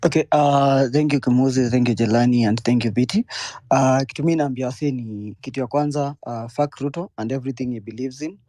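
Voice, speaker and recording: A man's voice: mid-range voice, fairly quick, mellow, no echo. A man with a Kenyan accent giving a blunt, defiant protest speech in an online audio space.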